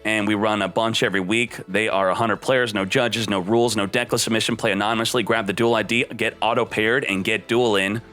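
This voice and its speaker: A man's voice: brisk, few pauses, faint music behind. A man hosting a card game stream, giving hyped deck-review commentary and sounding slightly out of breath. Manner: energetic, punchy, jumps up in pitch for emphasis.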